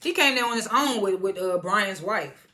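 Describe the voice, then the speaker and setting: A woman casually recapping a TV episode, in a loose slangy retelling full of "was like" and quick chuckles. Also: mid-range voice, animated, bright, forceful tone. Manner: chuckles between lines. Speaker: TV episode reviewer.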